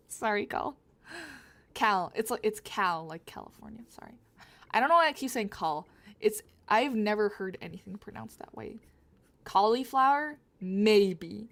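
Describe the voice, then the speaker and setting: A woman's voice: mid-range voice, lively intonation, a little slow, vocal fry, long pauses, a bit bright. A young woman with a slight Southern US accent, chatting casually to her stream while she draws, rambling, giggly and self-correcting. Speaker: drawing livestreamer. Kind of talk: casual chat while drawing.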